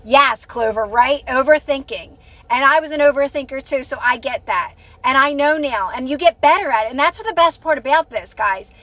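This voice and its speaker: A woman's voice: high voice, expressive, normal speed, fairly bright tone, no echo. A woman hosting a live stream, chatting casually and encouragingly with her viewers, rambling and restarting her sentences.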